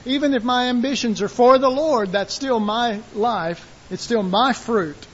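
A man preaching a sermon in a folksy, animated way, acting out quotes and shouting call-and-response lines. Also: extremely high pitch, a little slow, lo-fi sound, a little hiss or hum.

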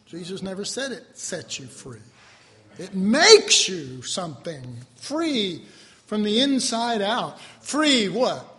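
A man preaching a sermon to his class, animated, swinging between loud outbursts and quiet asides. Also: high voice, slow, big-room sound. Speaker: preacher teaching a Bible class.

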